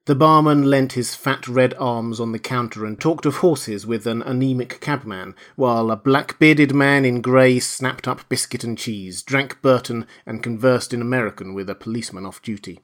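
A man reads a classic novel aloud as an audiobook. His delivery is measured and expressive, with a mid-range voice. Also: medium pitch. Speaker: reader. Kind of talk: audiobook narration.

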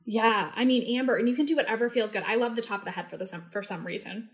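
A woman's voice: on the high side, quick pace. A woman, casually teaching emotional tapping on a live video, rambling with lots of likes and ums, acting out her own venting as she demonstrates. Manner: chatty, rambling, self-interrupting with likes and ums. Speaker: EFT tapping coach.

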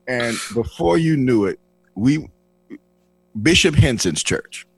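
A man's voice: medium pitch, unhurried, gravelly, a little hiss or hum. A man in his sixties from Flint, Michigan, telling his life story as a guest and acting out the dialogue with lots of restarts. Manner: animated, acts out dialogue with restarts. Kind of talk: personal testimony storytelling.

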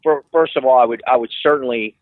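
Over a dry, tinny, phone-like line with no room sound, a man with a mid-range voice talks fast as an interview guest. His casual storytelling rambles, with many restarts.

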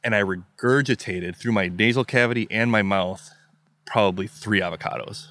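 A man's voice: on the low side, normal speed, fairly bright tone. A man from the US Midwest, a podcast guest, telling a story in vivid, emphatic detail and acting out his own thoughts. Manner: vivid, emphatic retelling with acted-out inner quotes.

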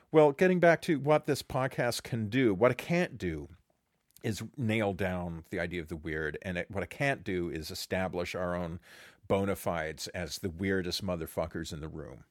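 Middle-aged male podcast host, low voice with big swings in pitch, dry close sound; talks like a teacher explaining. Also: no echo. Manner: animated, swings into acted quotes, swears. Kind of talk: casual intellectual conversation.

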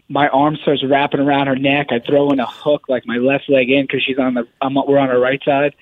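A man's voice: medium pitch, no room sound. Male fighter phoning in, tinny line, casual storyteller. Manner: chatty storyteller, laughs through his telling. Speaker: phone-in caller. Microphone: phone. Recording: phone line.

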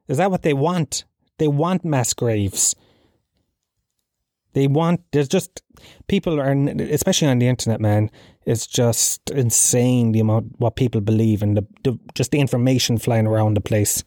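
An Irish man rants through a solo podcast, cursing freely and laughing at his own lines. His voice sits mid-pitch with a warm, mellow tone. The sound is dry and close. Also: moderate pace, no echo. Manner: profane, ranting, laughs at own jokes. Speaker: podcast host.

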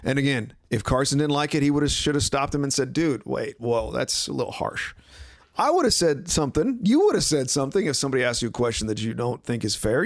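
Animated sarcastic male podcast host. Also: on the high side, a little fast, creaky, no echo, studio quality. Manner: animated, sarcastic, mimics others in quoted asides. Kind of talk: casual sports betting commentary.

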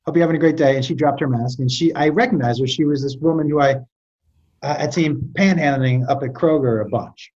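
A man talks his way through a personal story in a loose, animated manner, stumbling and restarting as he goes. His voice sits at an ordinary pitch. The recording sounds dull and lo-fi. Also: a little fast. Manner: animated, trailing restarts and stammers. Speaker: podcast guest. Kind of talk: storytelling in casual chat.

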